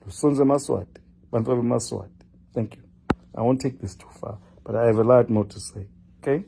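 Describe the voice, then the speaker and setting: Older man, hectoring commentator, gravelly and dark. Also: medium pitch, brisk. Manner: scolding, lecturing, repeats a name for emphasis. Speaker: political commentator. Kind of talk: impassioned direct-address monologue.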